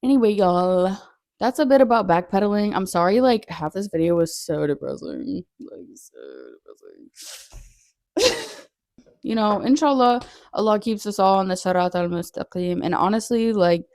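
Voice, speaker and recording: A woman's voice: medium pitch, moderate pace, a little mellow, dry recording, studio quality. A young woman hosting her own podcast, telling a personal story in an earnest, chatty way, full of "like" and frequent laughs. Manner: earnest, chatty, heavy use of "like", laughs often. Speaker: podcast host.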